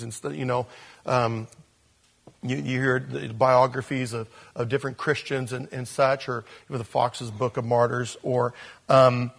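A man preaching a verse-by-verse sermon as a pastor, emphatic and repeating phrases for stress. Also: medium pitch.

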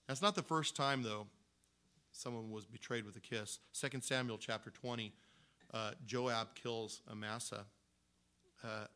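A man's voice: medium pitch, a bit bright. A man preaching a sermon in a conversational, storytelling way, with frequent restarts. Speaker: pastor.

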